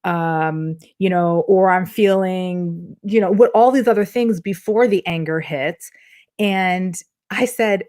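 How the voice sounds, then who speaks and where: A middle-aged woman relationship coach answering interview questions in a lively way, acting out her clients' voices as she tells stories. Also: fairly low pitch, slow. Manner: animated, acts out quoted clients in different voices.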